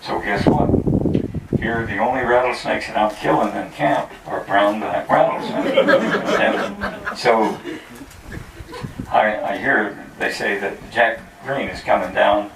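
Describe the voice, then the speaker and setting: A lowish, gravelly man spins a folksy tall tale to a crowd, chuckling and throwing himself into the quoted voices. He is picked up from a distance in an echoey space with faint noise behind him. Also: slow. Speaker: storyteller at a community program. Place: community gathering at a ranch.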